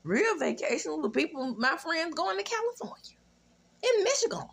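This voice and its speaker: Brief: Southern woman recap host, high-pitched, sassy and animated. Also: normal speed, creaky. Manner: sassy, animated, profane asides. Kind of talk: casual recap commentary.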